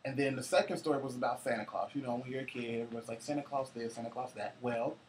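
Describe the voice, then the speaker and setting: A man's voice: mid-range voice, steady tone, quick pace, a little hiss or hum. A man co-hosting a casual chat, telling loose, profane holiday stories with frequent laughter. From Cincinnati, US. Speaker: co-host.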